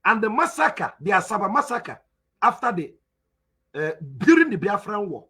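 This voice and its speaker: Igbo-accented Nigerian man, teacher type, very high forceful voice, hammers his points home. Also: big pitch swings, moderate pace, breathy edge. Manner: emphatic, repeats points, asks rhetorical questions. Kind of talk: spoken lecture.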